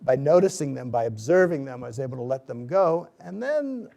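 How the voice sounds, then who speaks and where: A middle-aged man giving a book talk, telling an anecdote in a lively way and acting out the people he quotes. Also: medium pitch, brisk, vocal fry. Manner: animated storyteller, acts out quoted voices. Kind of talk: storytelling lecture.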